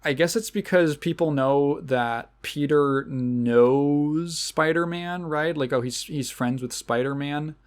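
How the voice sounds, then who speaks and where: A man's voice: fairly high pitch, takes it slowly, hardly any pauses. A man hosting a podcast, ranting casually about a movie in a rambling, sarcastic way, with frequent restarts and self-corrections. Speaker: podcast host.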